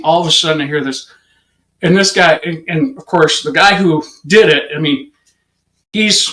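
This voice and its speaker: A man with a fairly high voice tells a story from his work as a police officer, slipping into the voices of the people in it. He talks in a casual, conversational way, full of "you know". The recording sounds roomy and echoey. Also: bright, forceful tone. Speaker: interview guest. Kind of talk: animated anecdote telling.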